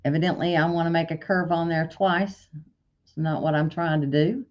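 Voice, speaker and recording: A woman with a fairly low voice teaches embroidery software in a step-by-step screen-share tutorial. She corrects her own slips out loud as she clicks through menus. The recording sounds dull and lo-fi. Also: steady tone, normal speed. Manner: step-by-step, corrects herself aloud.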